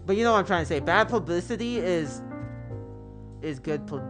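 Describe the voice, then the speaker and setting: A man's voice: sits high, lively intonation, normal speed. A man livestreaming and chatting casually with his viewers, rambling, swearing and stumbling over words. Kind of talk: casual chat with stream viewers. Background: background music.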